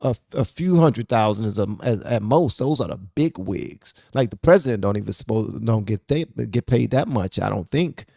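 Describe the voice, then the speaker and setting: Gravelly animated man reacting on a podcast. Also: fairly low pitch, normal speed, hardly any pauses, dry recording, studio quality. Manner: animated, incredulous, laughs often. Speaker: podcast host. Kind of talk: reaction commentary.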